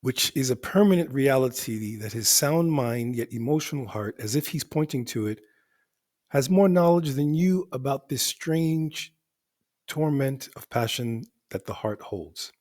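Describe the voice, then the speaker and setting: A man's voice: medium pitch, expressive, measured pace, darkish tone. A male teacher explaining the grammar of an Arabic poem line by line, in a methodical way that repeats and rephrases for emphasis.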